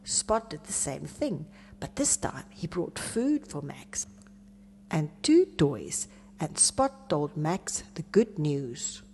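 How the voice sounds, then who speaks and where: A woman reading a children's story aloud in an expressive, animated way. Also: low-pitched, creaky, slight background noise. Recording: long reverb.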